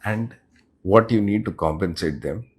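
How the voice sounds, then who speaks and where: A middle-aged man speaks in a fairly low voice. He answers interview questions as a business leader, explaining his points in a measured way and pausing between phrases. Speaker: business unit head, interview guest.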